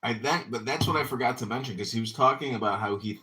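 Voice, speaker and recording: A man's voice: mid-range voice, fast talker, bright, forceful tone. A man hosting a casual podcast chat, rambling and boastful, laughing often between stories. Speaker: podcast host. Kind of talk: casual group chat on an audio space.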